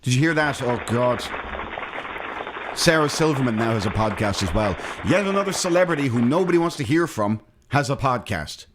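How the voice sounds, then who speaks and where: A man's voice: mid-range voice, moderate pace, noisy background. A man co-hosting a podcast, giving opinionated, joking rants in casual chat. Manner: opinionated, joking, lively ranting. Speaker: podcast co-host.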